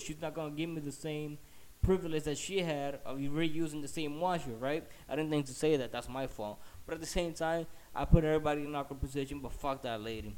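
A man's voice: on the high side, a little mellow. A man telling a story in a heated, profane, rambling rant while slightly sick.

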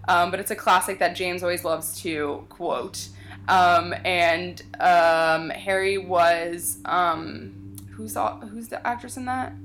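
A woman's voice: on the low side, slow pace, a bit bright, a little hiss or hum. A young woman chatting casually as a podcast co-host. She talks with lots of fillers and playful asides. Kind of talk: casual chat.

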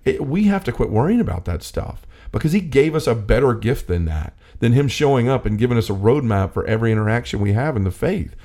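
A man co-hosting a casual faith talk, speaking with animated energy and often acting out quotes. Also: mid-range voice, quick pace, hardly any pauses. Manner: animated, acts out quotes, many restarts. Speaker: co-host.

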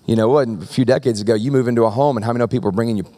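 A male preacher delivers a sermon in an animated, conversational style and keeps drawing the congregation in with questions. His voice sits at an ordinary middle pitch. A long reverb trails behind him, as in a large sanctuary. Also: racing.

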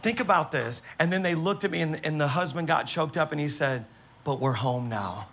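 A man preaching as a pastor, telling stories to his congregation in an animated, exclamatory way. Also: a little high, a little fast, creaky. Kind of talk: sermon with storytelling. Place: church service.

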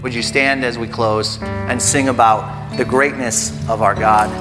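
A man's voice: medium pitch, fairly even intonation, a little slow. A man in his thirties preaching a sermon as a pastor, talking conversationally and building to earnest emphasis. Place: church sanctuary. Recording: reverberant hall with faint music.

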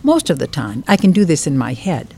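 Older woman author, low mellow voice, expressive reading, faint room noise. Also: a little fast, creaky. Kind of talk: reading from her book, then interview chat. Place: bookstore.

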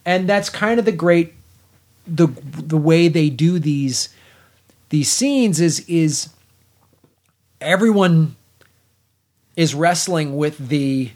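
A middle-aged man co-hosts a podcast, chatting casually as he reviews a film. He's blunt and animated, swears a lot, and keeps restarting his sentences. His voice sits a little high, and he talks slowly with long pauses.

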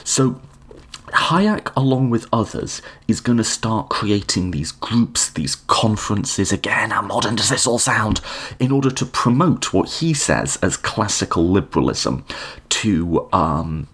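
A man's voice: fairly low pitch, big pitch swings, a little slow, a bit bright, slightly rough. An English man with an English accent giving an unscripted lecture, thinking aloud with frequent ums and restarts. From England.

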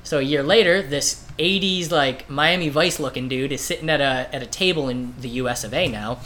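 A man's voice: medium pitch, brisk, fairly bright tone, a little hiss or hum. A man casually retelling a comic story on a podcast, rambling, swearing and acting out the voices. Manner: rambling, profane, acts out quoted voices. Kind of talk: casual chat.

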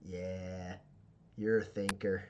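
A man's voice: deep voice, level tone, slow, lo-fi sound, pitched below the performer's own voice. A man voicing a tough, commanding female gang boss who barks orders at her crew. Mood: gruff approving. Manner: barking orders, loud and threatening.

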